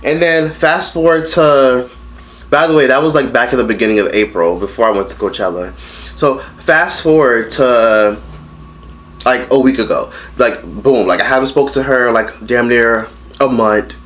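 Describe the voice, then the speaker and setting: A man's voice: mid-range voice, normal speed, a bit bright. A man in his late teens telling a story in a casual mukbang vlog, blunt and profane, rambling with lots of fillers. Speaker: vlogger.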